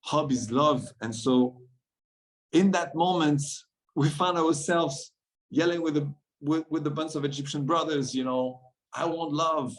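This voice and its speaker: A man's voice: on the high side, measured pace, rough recording. A man from France, a guest on a podcast, telling stories in an earnest, reflective way and often laughing between thoughts. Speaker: guest, men's circle facilitator.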